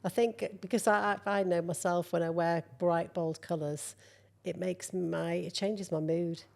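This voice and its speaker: Low, gravelly woman guest. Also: unhurried. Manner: candid, animated storyteller. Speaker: guest, model. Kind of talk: conversational interview.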